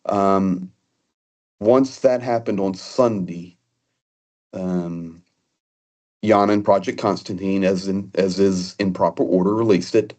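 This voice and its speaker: Male guest, low-pitched, casual earnest storyteller who restarts often. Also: fairly even intonation, darkish tone. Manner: earnest, halting with frequent restarts. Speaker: guest telling personal stories.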